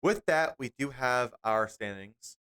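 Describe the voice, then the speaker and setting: A man co-hosting a fantasy football chat late at night. His voice is smooth and resonant, and his talk runs sleepy and unhurried, with the odd yawn slipping in. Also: mid-range voice, expressive, fairly bright tone. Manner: yawning, tired late-night delivery. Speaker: podcast co-host.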